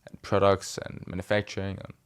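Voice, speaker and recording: A man hosting a podcast interview, asking loose, rambling questions in a relaxed, casual way. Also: low voice, brisk, clear, resonant tone. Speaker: podcast host.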